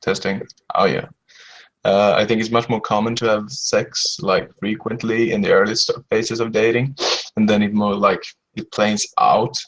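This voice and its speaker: A man with a lowish, husky voice who rambles in an easygoing way. He drops swear words casually as he chats. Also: steady tone, normal speed, poor audio. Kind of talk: casual chat.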